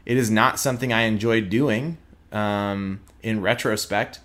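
A young adult man from Texas, speaking as an interview guest in an earnest, reflective way with frequent pauses and fillers. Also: on the low side, fairly even intonation, a bit bright. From Houston, Texas. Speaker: guest, prosecutor.

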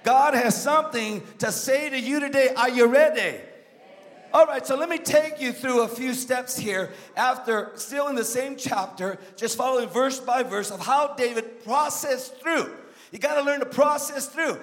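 A man preaching a sermon as a guest pastor, swinging from emphatic shouts to low joking asides to the congregation. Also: moderate pace. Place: church sanctuary. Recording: long church reverb.

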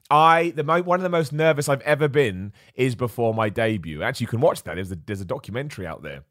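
A man hosting a live wrestling show, talking casually, animated, laughing often and repeating himself. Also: mid-range voice, no echo, clean studio sound. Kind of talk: casual live-stream commentary.

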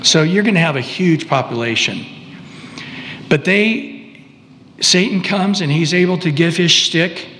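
A male preacher giving a conversational sermon, pausing, restarting and tossing asides to the congregation. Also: a little high, fairly bright tone, long reverb tail, a little hiss or hum.

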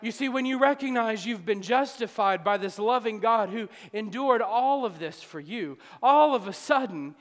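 Fervent high-voiced male pastor preaching. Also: animated, normal speed, few pauses, in a large hall. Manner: fervent, swings from soft confiding to loud shouting. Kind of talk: sermon. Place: church sanctuary with long reverb.

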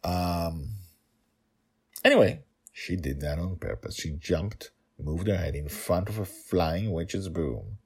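Slow, deep-voiced man explaining his story. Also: expressive, gravelly, a little mellow, slightly rough. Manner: rambling, laughs while explaining. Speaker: podcast author and reader. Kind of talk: casual explanation to listeners.

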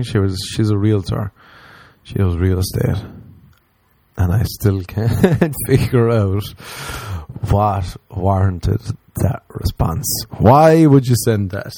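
A man's voice: takes it slowly, warm tone, no room sound. Irish man, stand-up comedy, rambling and profane, dry close sound. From Ireland. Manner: rambling, profane, mocks others in put-on high voices.

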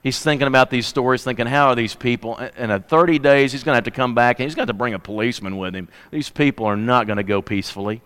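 A man's voice: medium pitch, rapid-fire, hardly any pauses, a bit bright, clean tone, big-room sound. A man preaching, telling a story in a vivid, conversational way. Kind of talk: dramatic sermon storytelling.

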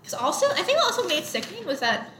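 A woman's voice: extremely high pitch, sing-song, racing. A young woman co-hosting a casual movie podcast, recapping plots in a chatty way and filling her talk with "like". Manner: chatty, heavy use of "like" fillers, recaps plots. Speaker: podcast co-host. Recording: echoey room with faint noise.

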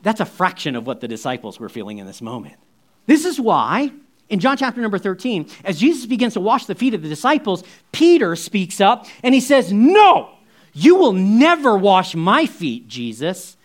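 A man preaching a sermon in a conversational, animated storytelling way, full of asides. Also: high-pitched, a little fast. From United States. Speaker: pastor.

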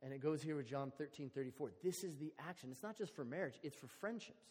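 A man's voice: a little high, lively intonation, quick pace, darkish tone, husky. Conversational male preacher in a reverberant hall. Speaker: pastor. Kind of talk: sermon.

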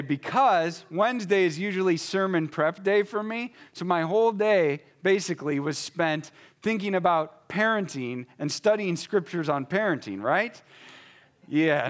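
A pastor telling a story about his son in a conversational sermon, acting out the dialogue between them. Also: a little high.

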